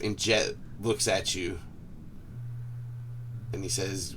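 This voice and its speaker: A man narrating a tabletop game as game master, relaxed and hesitant, recorded on a distant mic with faint noise. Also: fairly low pitch, takes it slowly, long pauses. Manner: laid-back, hesitant narration with fillers.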